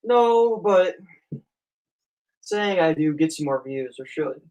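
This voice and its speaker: Deadpan man with a slightly high voice. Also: takes it slowly, poor audio. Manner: deadpan, dry joking. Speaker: stream guest. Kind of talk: casual livestream chat.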